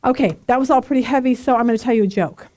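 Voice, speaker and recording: Chatty, animated woman Bible study teacher. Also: on the high side, rapid-fire, dry recording. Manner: chatty, animated storytelling with frequent laughter.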